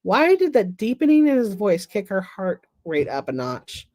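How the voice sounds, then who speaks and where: A woman's voice: mid-range voice, very animated, moderate pace, a little mellow, no echo. Woman author reading her novel aloud.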